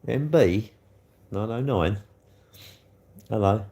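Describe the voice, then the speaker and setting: A man's voice: fairly low pitch, expressive, slow, warm tone. Chatty man on a livestream. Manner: chatty, bantering with viewers. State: slightly hoarse throat. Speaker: livestream host. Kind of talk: casual livestream chat reading comments.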